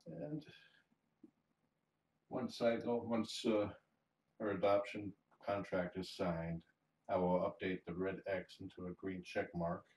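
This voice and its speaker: A man streaming live as a cat fosterer, talking softly to the cat and explaining the next steps to viewers, restarting his phrases as he goes. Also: deep voice, slow, pauses often. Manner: soft-spoken, coos fondly to a cat. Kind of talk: casual livestream chat. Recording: roomy sound, mic some distance away.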